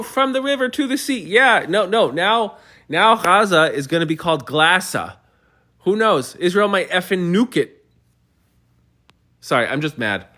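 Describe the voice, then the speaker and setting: A man talks casually on a livestream, reading and answering viewer comments. He argues heatedly and often restarts his sentences. His voice sits fairly high for a man. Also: sharp tone. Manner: heated, argumentative, stumbling restarts. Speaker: livestream host.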